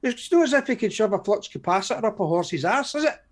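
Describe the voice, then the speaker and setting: A woman co-hosts a live stream, rattling through viewer greetings in a chatty, sweary way. Her pitch bounces up and down as she talks. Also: lively intonation, quick pace. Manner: chatty, laughing, swears freely. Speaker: co-host. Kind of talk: live stream chat, reading out viewer names.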